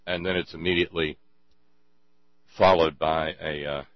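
Deep-voiced sarcastic male host. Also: steady tone, no room sound, highs cut off. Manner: sarcastic, rambling, halting with many restarts. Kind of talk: casual commentary.

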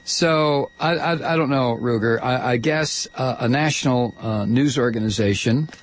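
Husky-voiced middle-aged male radio host, ranting and stammering through a political monologue. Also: mid-range voice, normal speed. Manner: heated, ranting, stammering restarts.

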